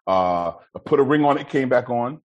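A man's voice: medium pitch, animated, normal speed, muffled recording. A man hosting a casual chat, talking loosely in slang and laughing often. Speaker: podcast host.

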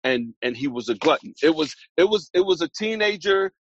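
A man's voice: a little high, lively intonation, fairly quick, no room sound, lo-fi sound. A man co-hosting a casual chat, talking through his views on a TV series with plenty of hedges and restarts. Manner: thoughtful, hedging, many restarts. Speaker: podcast co-host.

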